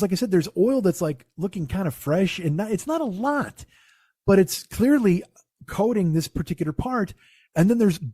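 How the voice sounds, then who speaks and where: A man's voice: on the high side, dark tone, no room sound, clean studio sound. A man, a comedian hosting his own podcast, telling a rambling, profane story with many restarts. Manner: rambling, profane, self-interrupting. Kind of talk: casual comic storytelling.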